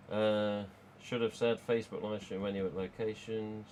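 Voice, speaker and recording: A man's voice: on the low side, steady tone, normal speed, hardly any pauses, a little hiss or hum. A man, casually chatting and rambling on a live stream from home. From England. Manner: rambling, chatty, reads out chat.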